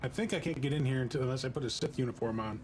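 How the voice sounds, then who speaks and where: A man live-streaming a video game, chatting casually and cooing gently at his dog. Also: mid-range voice, slight background noise. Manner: slow, soft-spoken, cooing at his dog.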